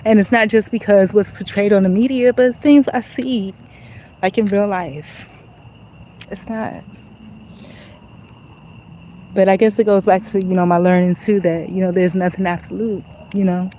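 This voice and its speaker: A woman's voice: mid-range voice, steady tone, moderate pace, dark tone, slight background noise, poor audio. A woman talking to her phone while walking outdoors at night, in a reflective, conversational way full of "you know". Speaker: vlogger. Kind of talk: casual walk-and-talk monologue.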